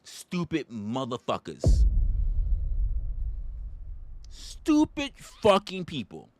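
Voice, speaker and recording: A man's voice: medium pitch, animated, moderate pace, a bit bright. A man hosting a livestream, ranting comically and profanely. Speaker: livestream host. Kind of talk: comedic rant.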